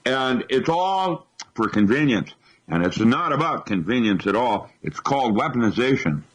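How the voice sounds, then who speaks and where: A man's voice: medium pitch, very animated, moderate pace, husky, poor audio. A man speaking as a radio show guest, alarmed and emphatic, restarting phrases as he hunts for words. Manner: alarmed, emphatic, repeats himself when searching for words. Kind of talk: talk radio interview.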